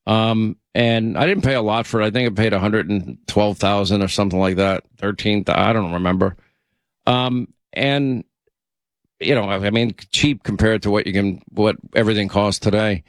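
A man's voice: lowish voice, normal speed, no echo, studio quality. Chatty male radio talk host. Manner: chatty, rambling and friendly with callers. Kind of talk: casual call-in radio chat.

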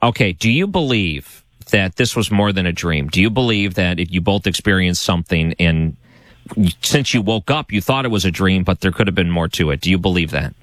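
A man's voice: deep voice, animated, fairly quick, a bit bright, no echo. A man hosting a radio call-in show, keeping a caller going with brief prompts and probing questions.

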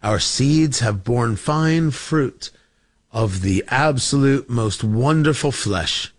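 A man voicing a scheming, sinister male revolutionary leader, speaking in a slow, gloating, menacing way. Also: mid-range voice, lively intonation, no room sound, clean studio sound, voice pushed down.

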